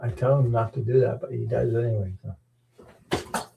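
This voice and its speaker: A man's voice: medium pitch, steady tone, moderate pace, gravelly, mellow, slight background noise, rough recording. A middle-aged man chatting casually as host of a live stream, rambling and chuckling, often repeating words. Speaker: tarot channel host. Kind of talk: casual chat.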